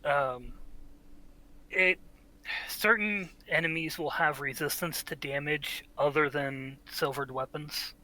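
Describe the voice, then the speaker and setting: A man's voice: fairly high pitch, slow, pushed and bright, poor audio. A man playing a tabletop game in casual chat, explaining rules plainly. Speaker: player.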